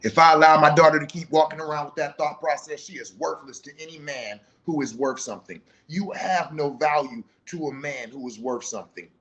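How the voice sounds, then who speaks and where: A man's voice: a little high, fairly quick, few pauses, a bit bright. A middle-aged man hosting a talk show, giving a blunt, profane, preachy monologue and telling stories from home. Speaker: podcast host. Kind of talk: casual monologue, commentary.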